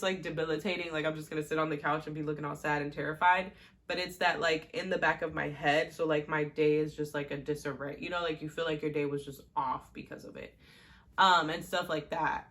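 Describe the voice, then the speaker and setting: A young woman hosts a talk show as a podcast host, casually sharing personal stories in a chatty way full of fillers and little laughs. Her voice sits low and sounds a bit bright.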